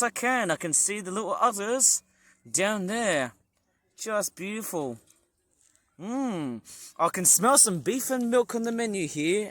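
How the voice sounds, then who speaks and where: A man's voice: on the high side, slight background noise. A man vlogging on a walk around a farm, chatting with enthusiasm and cracking puns, recorded on a handheld tablet outdoors. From England. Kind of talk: casual narration while walking around a farm.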